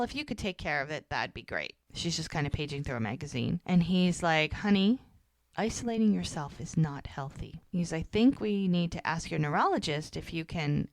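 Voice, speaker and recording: In a dry, studio-quality recording, a low-voiced woman recaps a TV episode on a podcast in a casual chat. She performs the characters' lines as she goes, animatedly quoting them with "she's like."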